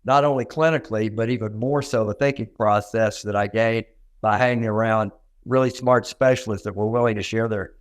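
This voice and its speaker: An older man from Arkansas, with a Southern accent and a lowish voice, speaks briskly in a steady tone. He's a dentist guest in an interview, telling stories in a folksy, self-deprecating manner.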